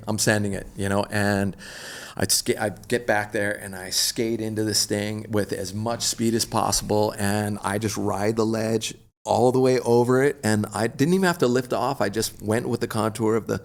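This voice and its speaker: A middle-aged man, an extreme athlete guest, telling a story in an animated, slangy, laid-back way. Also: on the low side, moderate pace. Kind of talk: casual storytelling interview.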